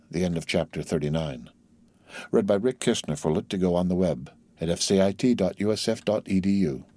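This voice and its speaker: A man reading an audiobook in a measured, calm way. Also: low voice, no room sound. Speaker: audiobook narrator.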